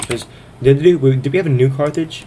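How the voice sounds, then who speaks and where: Man, casual game commentary, mid pitch, thinking aloud, faint typing behind. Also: a little fast, noisy background. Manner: thinks aloud, narrating turns. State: a little out of breath. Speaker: gaming video host.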